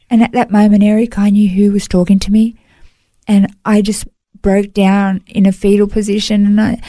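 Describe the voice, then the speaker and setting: A woman giving an earnest, emotional personal testimony in a podcast interview, halting now and then to restart a thought. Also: mid-range voice, fairly even intonation, warm tone, no echo, studio quality. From Australia. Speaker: interview guest.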